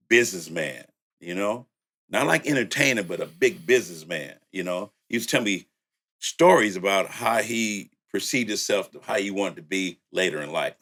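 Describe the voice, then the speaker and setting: Older male producer, low voice, easygoing storyteller with frequent laughs. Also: a bit bright. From Louisiana and San Francisco. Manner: laid-back, laughs often, says "you know". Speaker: music producer and studio owner. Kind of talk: storytelling in casual conversation.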